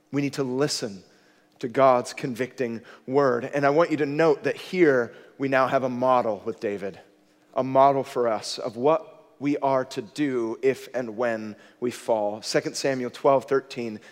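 Animated preacher in a reverberant hall. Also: male voice, mid-range voice. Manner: animated storytelling, bursts into loud acted exclamations, drops to a quiet earnest tone. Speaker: pastor. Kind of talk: sermon.

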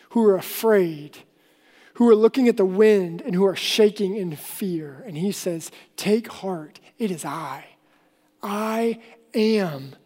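A woman's voice: fairly high pitch, warm tone. Woman preaching in a reverberant hall. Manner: earnest, explanatory preaching with emphatic slowdowns. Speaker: pastor. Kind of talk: sermon.

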